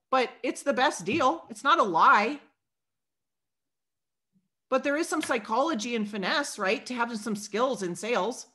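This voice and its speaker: A woman in her forties leads her sales team in a motivational talk, bright and forceful in tone. Her voice sits a little high, and she drives her points home like a preacher, acting out bits of sales dialogue along the way.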